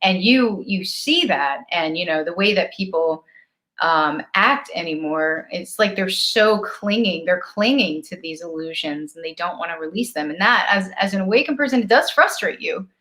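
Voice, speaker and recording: A woman co-hosting a spiritual live stream in a casual, animated chat, acting out her own stories and laughing easily at herself, heard over a video call. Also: lowish voice, moderate pace. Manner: animated storyteller, acts out her own frustration.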